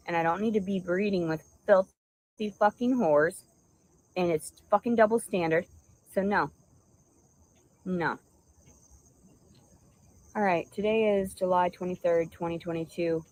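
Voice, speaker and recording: A woman's voice: on the low side, moderate pace, long pauses, darkish tone, poor audio. A woman delivering an angry, profanity-laden vlog rant, insulting and rambling. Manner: furious, insulting, stream-of-consciousness. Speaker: vlogger.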